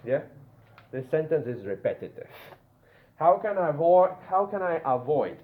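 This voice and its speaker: A man leads a grammar lesson, his slightly high voice leaping up and down as he drills words over and over. He keeps checking in with his class with a quick "yeah?" The sound is roomy and a little muffled, with faint classroom noise behind. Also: big pitch swings. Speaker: English teacher.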